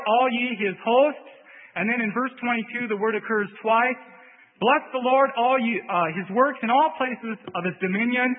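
A man preaching a sermon, earnest and repetitive, often stopping to stress a point. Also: extremely high pitch. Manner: earnest, repetitive emphasis with "see". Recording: phone-like audio in a long-reverb hall.

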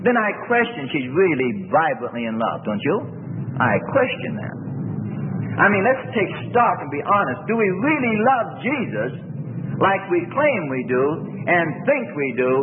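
A man preaching a sermon in an animated way, asking rhetorical questions and acting out the voices he quotes. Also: sits high, moderate pace, a little hiss or hum. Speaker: pastor. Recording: phone-like echoey hall recording.

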